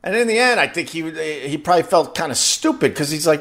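Animated New man telling a story. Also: on the high side, quick pace. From New York. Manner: animated, acts out quoted voices, swears freely. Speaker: host chatting with live viewers. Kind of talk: casual storytelling monologue.

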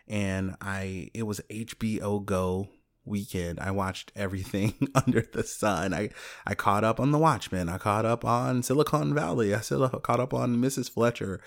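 A man, a high school teacher, telling a personal story in a casual, animated way, laughing often and acting out what people said. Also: creaky.

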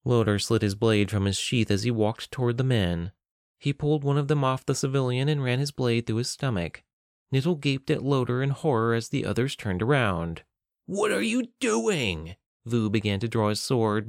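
A man narrating a novel in a measured, even storytelling voice on a close mic. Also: mid-range voice, no echo. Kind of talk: scripted audiobook narration.

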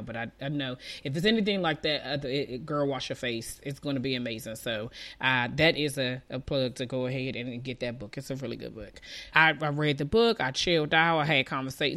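A woman's voice: a bass voice, fairly bright tone. A woman in her thirties talking casually to viewers outdoors, rambling with lots of likes and restarts while she recovers from a lost voice. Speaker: vlogger. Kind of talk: casual chat to camera. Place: outdoors in the wind. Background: wind noise.

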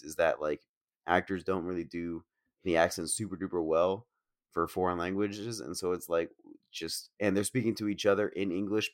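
A man with a very deep voice picks apart a film in relaxed podcast chat. He sounds blunt, critical and loose with his swearing. The recording is dry and close, with no room echo. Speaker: podcast co-host. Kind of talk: casual film discussion.

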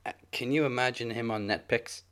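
A man from the UK co-hosting a casual podcast chat, easygoing and agreeable, with halting restarts. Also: medium pitch, fairly bright tone. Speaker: podcast co-host.

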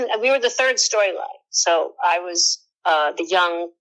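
Actress in her 60s, slightly low voice, animated anecdotes with acted-out quotes. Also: a little slow, poor audio. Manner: lively storyteller who acts out quoted lines. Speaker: actress as interview guest. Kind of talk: telling stories in a podcast interview.

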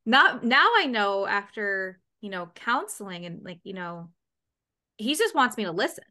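A woman's voice: mid-range voice, lively intonation, normal speed, pushed and bright. A woman hosting a casual interview over a video call, chatting in a bubbly, upbeat, storytelling way. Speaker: podcast host.

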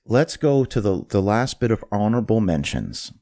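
Male host, casual storyteller, lower register, stumbles and restarts. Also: moderate pace. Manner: animated, restarts phrases. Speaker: podcast host.

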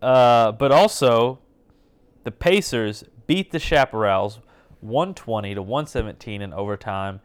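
A man co-hosting a sports podcast, joking with deadpan asides. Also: medium pitch, a little slow, clear, resonant tone. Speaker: podcast co-host. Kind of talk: casual chat.

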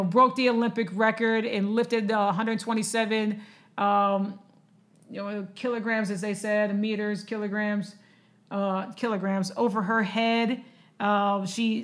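A woman's voice: medium pitch, a bit bright. A woman, chatting casually about sports news, emotional and full of fillers and restarts.

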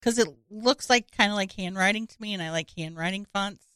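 A woman in a casual chat, relaxed, making dry remarks. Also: mid-range voice, brisk, smooth, no echo.

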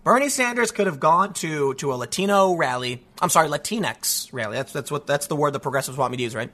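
A man giving an animated, sarcastic political commentary, talking casually and sounding a bit stuffy from allergies. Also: on the high side, brisk. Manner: animated and sarcastic, with frequent mocking voices. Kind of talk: casual opinion monologue.

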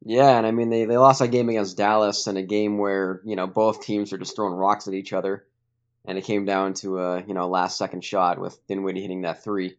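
A man calling into a sports podcast as a guest, talking through his picks in a measured, hedging way. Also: low-pitched, little pitch movement. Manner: measured, hedging, thinks out loud. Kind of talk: casual sports chat. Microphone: remote call. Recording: dull remote call line.

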